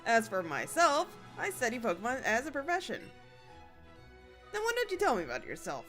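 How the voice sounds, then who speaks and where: A woman's voice: a little high, huge pitch swings, fairly quick, a bit bright, faint music behind. A woman voicing a kindly old male professor from a video game, reading his dialogue aloud in a put-on old man voice. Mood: friendly.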